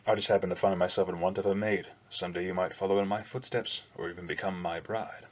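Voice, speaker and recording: A man's voice: sits low, fairly even intonation, fast, highs cut off. A man voicing a cheerful, flirtatious male money-changer with an indelicate way of talking. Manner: breezy, indelicate banter.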